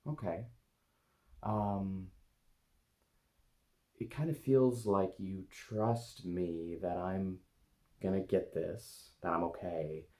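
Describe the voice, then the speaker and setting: With his eyes shut, a man who works as an eating coach and video host walks the camera through a guided meditation, addressing an inner part. His deep voice comes out soft and tentative, broken by frequent pauses.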